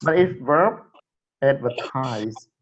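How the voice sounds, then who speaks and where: Guy teaching english, slow and halting, keeps repeating words, muffled lo-fi audio. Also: medium pitch, animated. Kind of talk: classroom English lesson. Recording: dull lo-fi recording.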